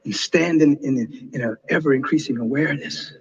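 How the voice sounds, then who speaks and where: A man giving an impassioned inspirational sermon as a spiritual teacher, dropping to a hush and then soaring. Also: medium pitch, normal speed, breathy edge, big-room sound. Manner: impassioned, swinging between hushed and soaring. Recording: dull lo-fi recording.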